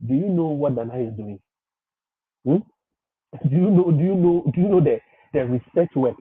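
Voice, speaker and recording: A man's voice: a little high, expressive, moderate pace, pauses often, breathy edge, no echo. A man hosting a livestream and giving advice, talking emphatically, repeating his points and often laughing. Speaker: livestream host. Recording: tinny phone-like audio.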